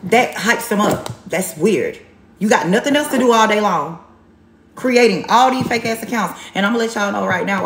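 A woman's voice: lowish voice, fairly bright tone, roomy sound, slight background noise. A woman giving a live tarot reading, blunt and sassy, repeating herself for emphasis. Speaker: tarot reader on a livestream.

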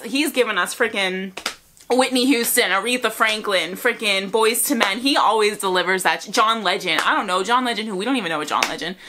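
A woman reacting to a music video, gushing, swearing and squealing with excitement as she comments. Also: on the high side, a little hiss or hum. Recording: loud music under voice. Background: music video playing.

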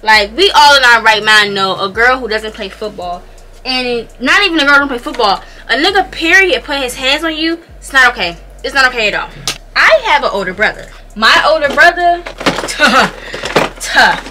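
Bright, animated young woman vlogger. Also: sits high. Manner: animated, slangy, addresses viewers as y'all. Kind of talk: storytime while doing makeup.

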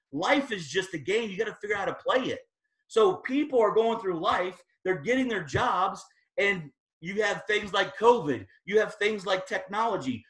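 Energetic man giving a motivational talk. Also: high-pitched. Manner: energetic, storytelling, rising to emphatic peaks. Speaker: guest speaker at team training. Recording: echoey room.

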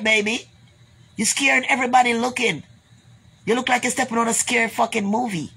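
Gravelly, a bit bright, and breathy at the edge, the Jamaican woman's voice runs a little high. Facing the camera, she rants bluntly and repetitively with swearing, then wraps up by blessing her viewers.

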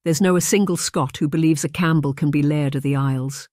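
A narrator voicing a timid, fearful Scottish maidservant in a frail, tentative voice with a Scottish accent. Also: female voice, low voice, steady tone, a little fast, darkish tone, dry recording, studio quality, lightly acted. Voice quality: frail, trembling.

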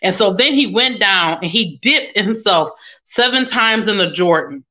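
Female minister preaching, reads scripture and applies it to the congregation; bright tone, muffled lo-fi recording. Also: mid-range voice, expressive, unhurried. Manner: expository preaching, reads scripture then applies it with call-and-response asides. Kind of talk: sermon.

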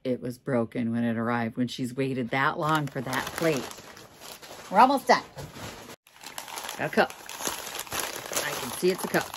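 A woman's voice: rumbling low, fairly even intonation, normal speed, slight background noise. A middle-aged woman from Minnesota, a reseller chatting casually and candidly with joking asides as she sorts auction finds. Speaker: reseller vlogger. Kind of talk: casual chat.

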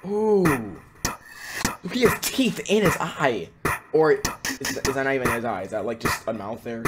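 A young man reacting excitedly to a music game, with gasps and frequent exclamations. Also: medium pitch, brisk, very noisy. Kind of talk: casual reaction commentary. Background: game music playing.

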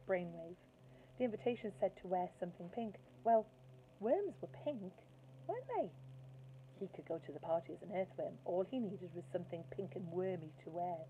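A woman teacher reading a children's book aloud in a lively storytelling manner, asking her listeners questions. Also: fairly low pitch. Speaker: primary school teacher. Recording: tinny phone-like sound, faint hiss.

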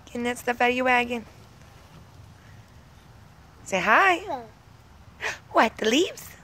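A woman's voice: on the high side, expressive, slow pace, sharp tone. A woman talking to a toddler outdoors in sing-song, coaxing baby talk, repeating simple words. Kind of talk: home video baby talk. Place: outdoors in a yard.

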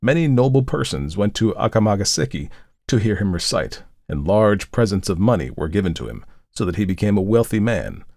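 Male narrator for a ghost tale, very low and deliberate, dry close sound. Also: big pitch swings, dry recording. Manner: slow, hushed and deliberate.

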